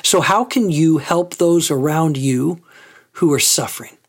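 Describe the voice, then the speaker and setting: A man's voice: on the high side, a little slow, husky. A man preaching a sermon as a pastor, conversational and full of rhetorical questions.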